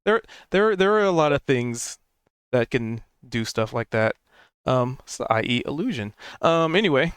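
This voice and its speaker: A man running a tabletop game as game master. His voice is smooth and clear, recorded close and dry, and he explains rules in a relaxed way with plenty of fillers. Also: medium pitch, measured pace, dry recording.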